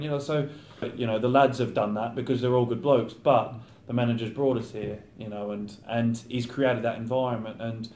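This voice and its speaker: Man, 30, professional footballer, relaxed interview talk, mid-pitched, echoey room sound. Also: brisk, hardly any pauses. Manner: chatty, acts out teammates' banter. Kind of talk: casual interview chat. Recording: roomy echo.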